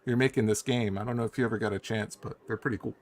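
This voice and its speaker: A male game designer guest chatting loosely and excitedly over a video call, with many fillers. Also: lowish voice, racing. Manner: loose and animated, heavy on fillers. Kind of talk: casual chat. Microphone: video call mic.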